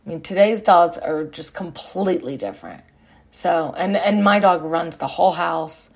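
A woman's voice: fairly low pitch, animated, moderate pace, darkish tone, husky. A woman in her forties from Texas, a podcast host telling a family story in a rambling, casual way, often correcting herself and using fillers.

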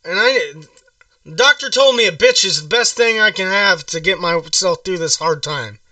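A man making a crank phone call, rambling and confrontational, erupting into shouts. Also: high voice, moderate pace, dry recording, distant mic. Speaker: prank caller.

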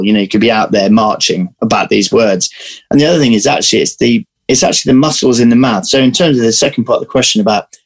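A man's voice: mid-range voice, slightly rough. Chatty man telling stories. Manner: animated storyteller, restarts often. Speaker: actor guest. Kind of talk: casual interview chat.

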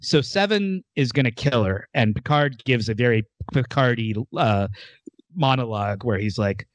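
A man in casual podcast chat, retelling scenes with animated energy and voicing each character briefly. His voice sits at a middle pitch and sounds dry and close to the mic, with no room around it. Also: moderate pace, no echo. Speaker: podcast co-host. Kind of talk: casual chat recapping a TV episode.

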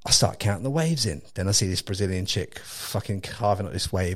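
A man in his thirties from England with an English accent, hosting a podcast and telling a story in casual, animated chat, laughing often and swearing freely. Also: sits low, brisk, few pauses. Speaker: podcast host.

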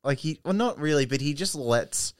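Smooth-voiced man giving opinions. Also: fairly high pitch, expressive, normal speed, no echo. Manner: opinionated, dry asides, swears casually. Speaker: podcast co-host. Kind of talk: casual film chat.

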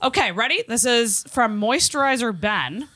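A woman's voice: a little high, animated, moderate pace, a bit bright, dry recording, studio quality. A woman hosting a podcast, reading listener messages aloud and giggling between lines. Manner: giggly, reads messages aloud with frequent laughs. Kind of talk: casual podcast chat.

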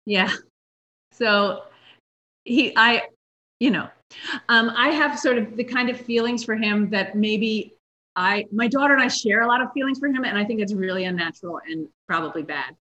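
Bright-voiced woman host, dull lo-fi sound. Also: a little high, moderate pace. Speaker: podcast host. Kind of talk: casual interview chat. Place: home kitchen.

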